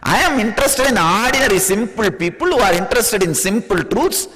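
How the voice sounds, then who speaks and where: Indian-accented male spiritual teacher, high animated delivery, playful and laughing, long reverb of a hall. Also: brisk. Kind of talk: spiritual discourse.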